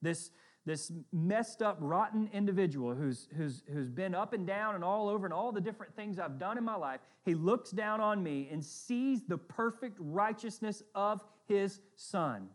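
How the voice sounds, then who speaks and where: A middle-aged man delivers a sermon as pastor. His voice sits high, and his preaching is earnest and conversational, with frequent pauses to check in with the listeners. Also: expressive.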